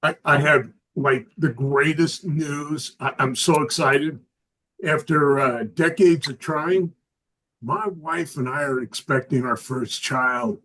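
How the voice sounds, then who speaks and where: An older male comedian working through a stand-up set with a deadpan, grumbling delivery. His voice sits a little high for a man. He sounds like a lovable curmudgeon. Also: slow, low-quality recording. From Southern California. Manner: deadpan self-mocking curmudgeon.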